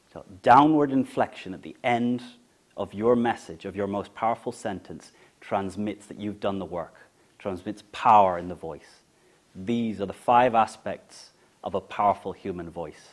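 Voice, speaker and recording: A man coaching public speaking, lecturing emphatically with deliberate pauses and demonstrating vowels and inflection. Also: on the low side.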